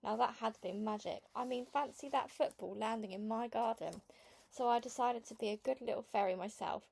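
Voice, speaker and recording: A woman with a slightly high voice reading a children's book aloud. Her storytelling is lively and expressive, in the first person. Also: normal speed, vocal fry, slightly rough. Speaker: read-along narrator.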